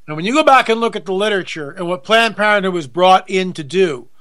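A man's voice: high-pitched, lively intonation, quick pace, pushed and bright. A male talk show host delivering an indignant, ranting monologue, repeating himself for emphasis.

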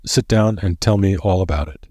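A quiet, unemotional statesman, read by a male narrator in an audiobook, speaking in measured tones. The voice is low and husky, and the recording is dry and close. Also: no room sound. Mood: calm.

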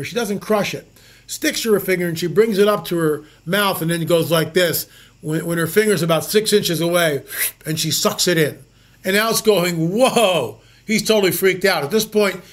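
High-voiced man telling eerie stories. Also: a bit bright. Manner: emphatic, with repeated words and rhetorical questions. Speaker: show host. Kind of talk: storytelling monologue.

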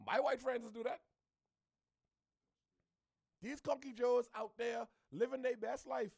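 A man from the Bahamas with a Bahamian accent, ranting to camera in an animated, preachy way, repeating his points. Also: very high-pitched, moderate pace, gravelly, long pauses, no room sound, studio quality. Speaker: social media commentator. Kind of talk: opinionated rant to camera.

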